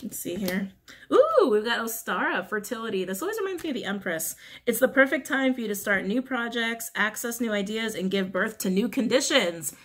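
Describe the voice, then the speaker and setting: A woman's voice: on the high side, lively intonation, brisk, fairly bright tone. A woman giving a casual tarot reading, talking bluntly, swearing freely, and repeating phrases for emphasis. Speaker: tarot reader.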